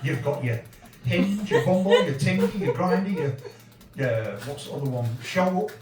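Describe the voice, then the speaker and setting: A man in his fifties with a Yorkshire accent, doing a sweary, deadpan stand-up set in a small pub room. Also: a little high, normal speed, roomy sound, far from the mic, rough recording. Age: 50s. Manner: crude, swearing, deadpan storytelling. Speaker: stand-up comedian. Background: audience laughter.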